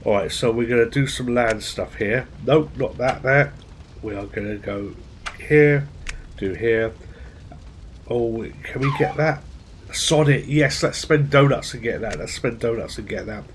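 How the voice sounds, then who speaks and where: A man's voice: medium pitch, a little slow, slight background noise. A man giving casual, chatty commentary as he plays a game at his PC, thinking aloud with little asides. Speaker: gaming channel host.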